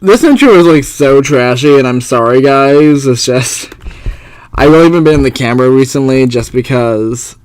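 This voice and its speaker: A man's voice: mid-range voice, moderate pace, clear, resonant tone, no echo. Young man, casual game commentary, rambling, self-deprecating, dry close mic. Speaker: let's play host.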